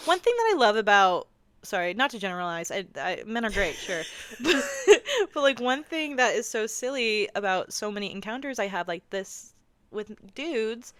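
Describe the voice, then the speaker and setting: A young woman co-hosting a podcast in casual chat, expressive and emphatic, laughing often. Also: mid-range voice, normal speed, smooth, dry recording. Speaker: podcast co-host.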